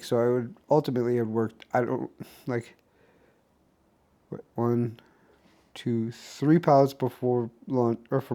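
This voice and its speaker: Man rambling through his day, mellow tone. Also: medium pitch. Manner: rambling, restarts often, filler-heavy storytelling. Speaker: vlogger. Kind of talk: casual rambling daily vlog recap.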